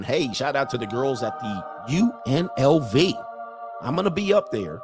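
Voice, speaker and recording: A man in his forties hosting a livestream, joking loudly in a slangy, animated way while reading chat. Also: medium pitch, a little slow, music in the background. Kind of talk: comedic livestream rant.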